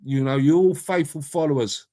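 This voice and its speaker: A man's voice: on the high side, normal speed, mellow. A middle-aged man hosting a casual live stream, chatting matily with viewers by name and swearing freely. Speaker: live stream host reading chat. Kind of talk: casual chat.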